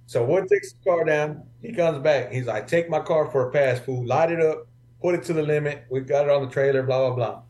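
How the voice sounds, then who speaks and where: A man telling a story in a casual podcast chat, profane and animated. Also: on the high side, brisk.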